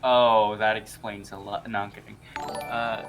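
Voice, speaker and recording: A man's voice: on the low side, little pitch movement, unhurried, fairly bright tone, faint music behind. A man guest on a live stream who chats casually and jokes about himself. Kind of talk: casual chat.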